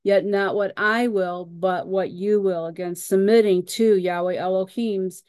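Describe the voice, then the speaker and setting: A woman's voice: mid-range voice, steady tone, a little slow, darkish tone, no room sound. A woman leading a Bible study who reads scripture passages aloud and explains them with frequent fillers and repeated words.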